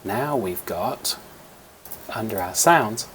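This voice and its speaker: A man's voice: on the low side, animated, normal speed, fairly bright tone, slight background noise. Man patiently explaining a kids' coding lesson. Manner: patient, step-by-step explaining with fillers. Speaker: teacher. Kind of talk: screen-recorded coding lesson for children. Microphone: computer microphone.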